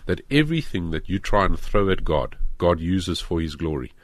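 Man, pastor, very deep voice, lively earnest delivery, dry close mic. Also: moderate pace, dry recording. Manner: earnest, animated explaining. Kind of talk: Christian talk show discussion.

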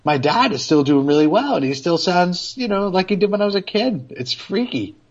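A man's voice: high-pitched, big pitch swings, fairly quick, muffled recording. A man chatting casually as a podcast guest, hesitant and thinking aloud. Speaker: podcast guest, film critic. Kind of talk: casual chat.

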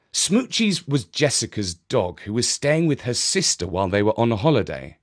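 A man narrating a children's story in a gentle, expressive way. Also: mid-range voice, normal speed, few pauses.

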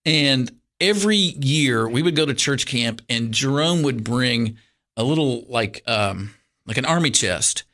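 Bright-voiced man telling a story. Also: mid-range voice, a little slow. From Kentucky, USA. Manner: rambling, animated storyteller with many fillers and restarts. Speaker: pastor, guest. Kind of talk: casual storytelling interview.

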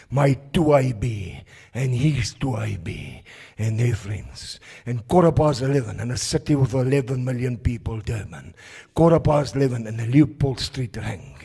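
A South African man preaching with a deeply raspy, gravelly voice, fervent and emphatic. He draws out his words slowly as he gives his testimony. The sermon is delivered at a prison service. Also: darkish tone.

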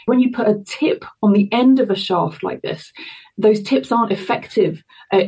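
A woman's voice: mid-range voice, a little mellow, husky, low-quality recording. A woman researcher answering interview questions, explaining carefully and thoughtfully as she goes. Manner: explanatory, thoughtful, with fillers and restarts. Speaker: university researcher.

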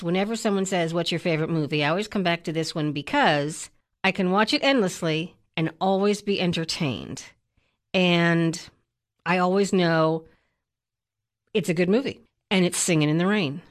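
A woman co-hosting a film review podcast, chatting in a playful way with quick asides. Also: fairly low pitch. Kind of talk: casual chat.

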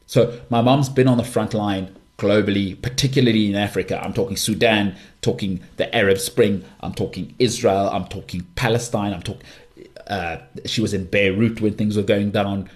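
Forceful low-voiced male podcast host. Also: steady tone, normal speed. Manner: forceful, repetitive emphasis. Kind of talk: impassioned monologue.

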